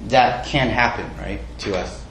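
A man's voice: on the low side, measured pace, a bit bright. Conversational male pastor in an echoey room. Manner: conversational, self-deprecating, asks the congregation questions. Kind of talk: sermon.

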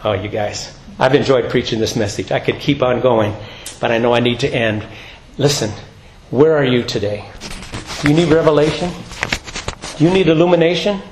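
A man preaching a sermon, rising high and loud for emphasis, then dropping low and quiet to close. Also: normal speed, long pauses, roomy sound, slight background noise, poor audio. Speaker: pastor.

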